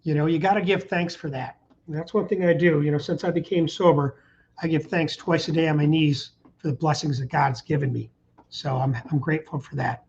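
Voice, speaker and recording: A middle-aged man hosts a casual live stream, rambling along and reading out viewer comments. His voice sits a little high for a man. The stream audio is slightly muffled, with a faint hiss underneath. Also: fairly even intonation, fairly quick, gravelly, a little mellow. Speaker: channel host. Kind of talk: casual livestream chat.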